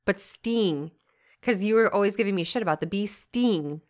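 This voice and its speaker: A woman's voice: mid-range voice, quick pace, darkish tone. A woman co-hosting a podcast in casual chat, frank and teasing. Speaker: podcast co-host.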